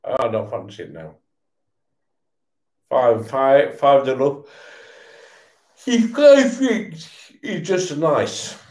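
A man's voice: mid-range voice, very animated, drawn-out words, pauses often, darkish tone, echoey room. A tipsy man, swearing and stammering through a casual rant while he watches football. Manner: swearing, repetitive, stammering restarts. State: tipsy from beer.

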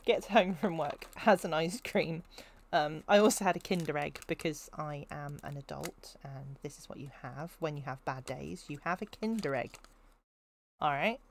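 A woman's voice: deep voice, moderate pace, vocal fry. A young woman streaming a video game, chatting and giggling with her viewers as she plays. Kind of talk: casual gameplay commentary.

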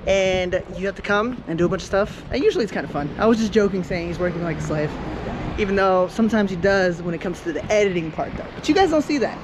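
Young man vlogger, quick and jokey, on a handheld camera, noisy surroundings. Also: high-pitched, animated. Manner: teasing, fast, slangy banter. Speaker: vlogger filming behind the scenes. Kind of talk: casual joking vlog narration. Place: museum and car. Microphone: action camera. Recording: handheld action camera with background noise.

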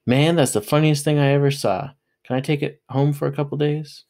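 A cocky teenage boy pipes up high and loud, as a man reading a novel aloud puts him on. He squawks and pushes, brash and careless, his voice jumping well above the reader's own low tone. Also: big pitch swings, quick pace, heavily acted.

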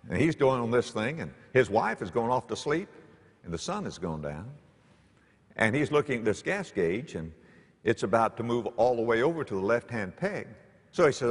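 A male preacher telling stories from the pulpit, his voice leaping from hushed lows to ringing highs. Behind him is the long reverb of a large church sanctuary. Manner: animated, dramatic swings in pitch and loudness. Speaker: pastor. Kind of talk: storytelling sermon.

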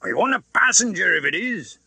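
A man's voice: high voice, big pitch swings, a little fast, bright, forceful tone, breathy edge, no room sound, pitched above the performer's own voice, full character voice. A man voicing a mud-spattered messenger on horseback who calls out from the mist. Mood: calling out. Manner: calling out from a distance.

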